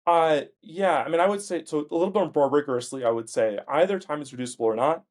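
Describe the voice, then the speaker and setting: A man, a philosopher guest, explaining ideas carefully in a casual academic discussion with many pauses. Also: fairly high pitch, a little mellow. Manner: explanatory, many ums and uhs.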